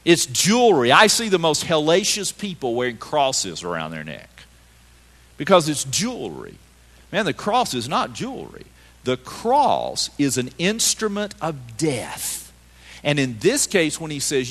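A man preaching a sermon to his congregation, his somewhat high voice rising and falling with lively, emphatic swings. He moves from loud calls down to hushed, quiet lines. The sound carries the long reverb of a church sanctuary. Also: measured pace. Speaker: pastor.

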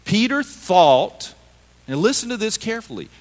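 A man preaching a sermon to his congregation, his somewhat high voice rising and falling with lively, emphatic swings. He moves from loud calls down to hushed, quiet lines. The sound carries the long reverb of a church sanctuary. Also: normal speed. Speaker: pastor.

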